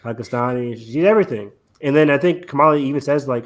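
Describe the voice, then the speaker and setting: A man's voice: mid-range voice, fast. A man hosting a casual podcast chat, talking eagerly with many fillers. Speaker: podcast host.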